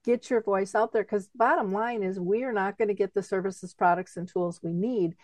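Chatty, animated woman host, dry sound. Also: mid-range voice, normal speed, no room sound. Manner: animated, chatty, laughs easily. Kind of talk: interview conversation.

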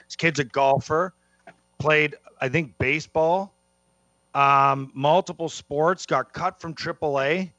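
A man's voice: on the high side, slow, sharp tone, no room sound, highs cut off. A man hosting a casual sports talk radio show, talkative and prone to repeating himself.

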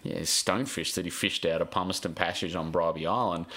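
A middle-aged Australian man with a fairly low voice, telling stories in a rambling, emotional way. He restarts his sentences often and swears casually as he talks. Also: steady tone, brisk, sharp tone. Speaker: guest journalist. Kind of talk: emotional podcast interview.

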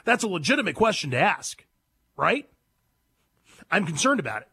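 High, bright-voiced male talk radio host. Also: big pitch swings, moderate pace, vocal fry, husky. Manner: emphatic, indignant, takes calls.

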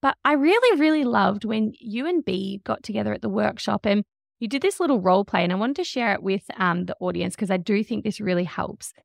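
A woman in her thirties hosting a casual parenting podcast, chatty and animated, acting out the voices she quotes. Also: medium pitch, a little fast, gravelly, dry recording, studio quality. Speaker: podcast host.

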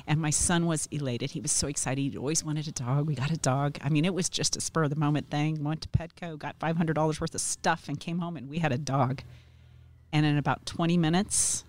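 A woman's voice: deep voice, fairly even intonation, brisk, darkish tone. Chatty, sarcastic middle-aged woman. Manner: sarcastic, chatty with frequent ums. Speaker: interview guest. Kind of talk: casual storytelling.

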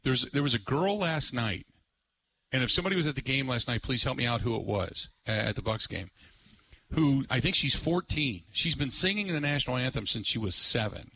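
Bright-voiced sports radio host. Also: male voice, medium pitch, brisk, slight background noise. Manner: rambling, filler-heavy, excitable. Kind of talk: live sports radio talk. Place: live remote broadcast at an ice center.

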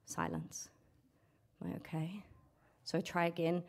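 Sweary, animated woman telling a story. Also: on the low side, a little slow, pauses often. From New Zealand. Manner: frank, animated and sweary, acting out quotes. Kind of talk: live storytelling. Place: storytelling event stage.

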